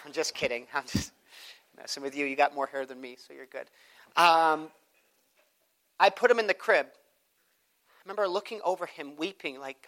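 A man, a pastor and father, preaching a sermon and praying, swinging from hushed prayer to loud, high emphasis. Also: moderate pace, pauses often, rough recording. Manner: rises to loud, high preaching, then drops to soft prayerful tones.

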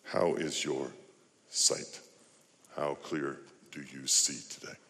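A man's voice: a bass voice, fairly even intonation, slow pace, pushed and bright. A male pastor preaching a sermon, firing off rhetorical questions and building to emphatic appeals. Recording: long hall reverb.

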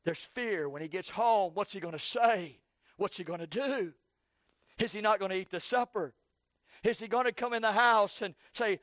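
A man with a very high voice preaches an evening sermon, hammering phrases in call-and-response rhythm. He drops to near-whispers and then climbs to shouted peaks. The sound is dry and close. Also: normal speed, no echo. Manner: swings from hushed low phrases to shouted peaks.

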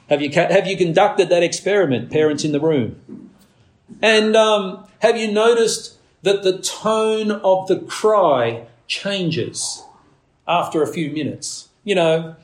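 A man with a high, light voice delivers an earnest sermon. He leans on his words with conviction and now and then breaks into a shrill imitation of a crying baby. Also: slow pace. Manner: earnest preaching, acts out a baby's demands in a shrill voice. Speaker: pastor.

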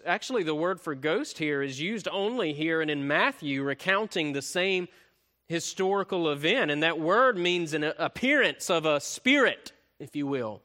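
A man preaching a sermon, often tagging points with "right?" and swinging from loud emphasis to soft, quiet delivery. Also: on the high side, animated, moderate pace. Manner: frequent tag questions "right?", swells louder then drops soft. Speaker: pastor.

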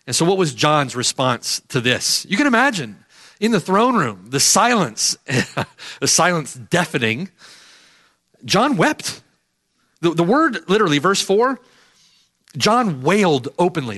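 Emphatic preaching man, lively pitch. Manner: emphatic, repeats phrases, rises and falls sharply. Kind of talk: sermon.

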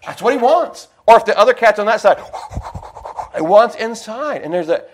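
A man preaching a sermon in a folksy, digressive way, slowing down to stress his points and slipping in personal stories. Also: sits high, expressive, a little hiss or hum.

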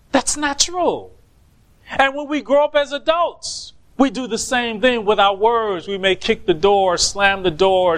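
A man preaching a sermon, slow and emphatic, pleading with rhetorical questions. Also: sits high, a bit bright. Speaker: pastor.

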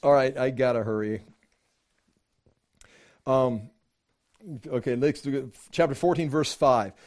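A man preaching a sermon, teaching from scripture in a conversational, animated way, acting out quoted voices. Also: unhurried. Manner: animated, acts out quoted voices with rising pitch; conversational, with fillers and restarts. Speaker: pastor.

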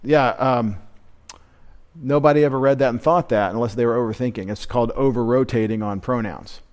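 A man's voice: mid-range voice, brisk, a little mellow. A man giving a midweek Bible teaching, explaining a verse with many fillers and restarts, stumbling over his Greek pronunciation. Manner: unpolished Greek pronunciation, self-deprecating asides. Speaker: pastor.

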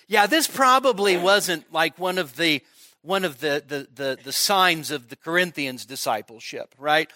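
A male pastor delivers a conversational expository sermon at a midweek service, often pausing to check in with listeners. His voice is a little high and bright, and he's expressive. The recording is dry and close.

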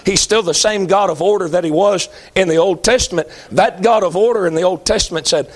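A man's voice: high-pitched, a little fast, hardly any pauses. A man preaching a sermon in an emphatic, folksy way, repeating lines for effect.

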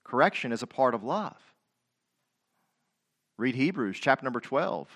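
Emphatic middle-aged male preacher, bright voice. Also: medium pitch, sing-song, normal speed. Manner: emphatic preaching, rises to loud King James quotations; repeats phrases, direct questions to the congregation. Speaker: pastor. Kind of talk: sermon.

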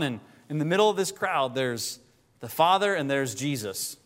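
Male preacher, high voice, sermon, swings between pleading and hushed lines, echoing hall. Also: lively intonation, moderate pace. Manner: rises to impassioned pleading, then drops low. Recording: long hall reverb.

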